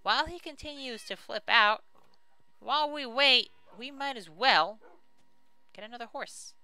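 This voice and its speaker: Man, let's play host; vivid bright tone, clean and crisp delivery, chatty, self-deprecating. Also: very high voice, a little slow, dry recording, faint music behind. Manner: chatty and self-mocking, talks to viewers. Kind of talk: casual let's play commentary.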